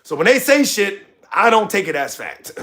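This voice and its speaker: A man's voice: high voice, big pitch swings, moderate pace, pushed and bright. A young man hosting a livestream, talking passionately and ranting straight to his chat. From United States. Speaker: livestream host. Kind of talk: heated livestream commentary.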